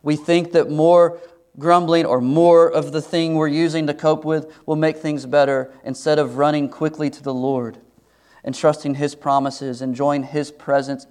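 Male pastor, sermon delivery, earnest and emphatic, a touch high-pitched. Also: darkish tone. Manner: earnest, rising to emphatic questions.

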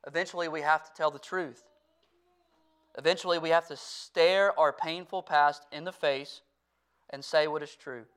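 Earnest pastor with a clear, ringing voice. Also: male voice, fairly high pitch, fairly even intonation, moderate pace. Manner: earnest preaching that swings from forceful to hushed. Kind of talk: sermon. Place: church.

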